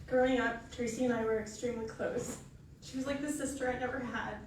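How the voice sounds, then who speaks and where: A woman's voice: fairly high pitch, steady tone, brisk, slight background noise. Emotional woman speaking at a funeral. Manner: emotional, apologetic, struggling to get through. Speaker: eulogist, cousin. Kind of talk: funeral eulogy. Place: funeral home chapel. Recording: echoey hall from far off.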